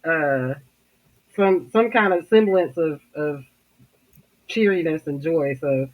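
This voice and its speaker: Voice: medium pitch, takes it slowly, poor audio. A podcast host giving casual commentary, rambling and stopping to search for words.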